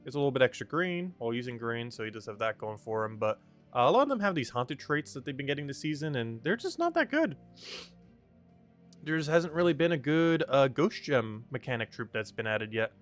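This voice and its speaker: A man's voice: mid-range voice, sing-song, brisk, soft background music. A man streaming a game, rambling casually with many fillers and frequent laughter. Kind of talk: casual game livestream commentary.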